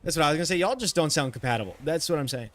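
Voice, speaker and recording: A man's voice: on the high side, lively intonation, racing, a bit bright. A man streaming a game, venting in a rambling, frustrated way with many restarts and frequent swearing. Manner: swears freely. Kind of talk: casual chat while streaming.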